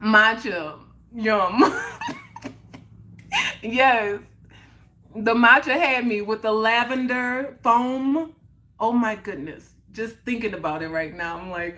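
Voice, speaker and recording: Bright, emphatic woman hosting a live stream. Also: a little high, slow, long pauses, a little hiss or hum. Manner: emphatic, repeats points for emphasis; reads and answers the chat. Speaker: livestream host. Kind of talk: casual live-stream chat to viewers.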